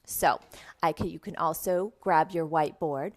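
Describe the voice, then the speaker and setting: A deep-voiced woman who teaches English online gives instructional talk with classroom demonstrations. She explains how to present lesson slides and models words slowly and clearly for young learners.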